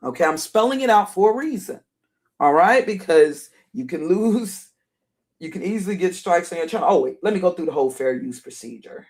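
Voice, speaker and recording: A middle-aged woman with a deep alto voice, hoarse and worn, rambling through casual live-stream commentary and greeting viewers by name. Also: animated, a little fast, darkish tone. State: hoarse, voice wearing out.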